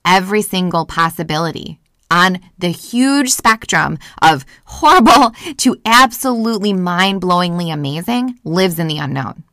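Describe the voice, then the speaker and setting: A woman's voice: on the low side, lively intonation, normal speed, pushed and bright, dry recording, clean studio sound. A woman hosting a podcast alone, talking passionately and candidly into a microphone, swearing freely, from a closet at home. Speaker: podcast host. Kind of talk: casual motivational monologue. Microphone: studio microphone.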